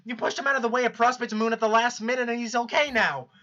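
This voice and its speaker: A woman voicing an apologetic young woman who stammers and reasons gently, read aloud on a live stream. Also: a little high, fairly even intonation, fast, dull audio, lightly acted. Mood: urgent.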